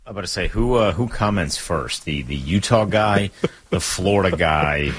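A man co-hosting a sports podcast, cutting in with quick casual banter. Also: deep voice, animated, breathy edge.

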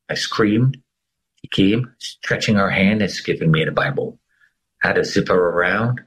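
A middle-aged man giving an emotional personal testimony as an interview guest, telling it dramatically with big swings in pitch. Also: normal speed, a bit bright, slightly rough, poor audio.

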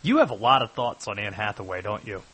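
A man hosting a sports talk radio show, riffing casually and jumping into excited bursts. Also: lowish voice, quick pace, breathy edge, poor audio. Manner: chatty, riffing, jumps into loud excited bursts.

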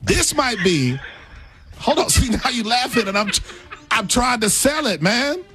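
A man co-hosting a sports talk show, pitching an upcoming game with a showy salesman-like delivery and playful protest. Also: very animated, normal speed, pushed and bright.

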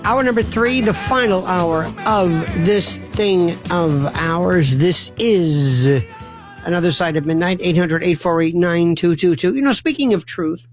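A man hosting a late-night call-in radio show, delivering a rambling monologue that keeps breaking off and restarting, with sudden loud outbursts. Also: sits high, unhurried, faint music behind. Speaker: radio talk show host.

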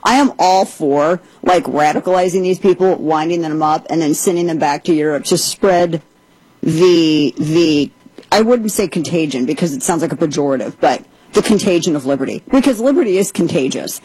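Chatty, husky woman host. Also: sits low, animated, moderate pace, a little mellow, no echo, low-quality recording. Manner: chatty, sarcastic asides. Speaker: podcast host. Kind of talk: casual commentary monologue.

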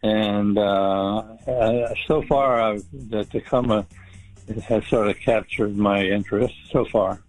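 A man from California calling in to a radio show, hesitant and halting, with many fillers. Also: fairly low pitch, fairly even intonation, darkish tone, soft background music, low-quality recording. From Sacramento, California. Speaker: caller. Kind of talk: call-in question.

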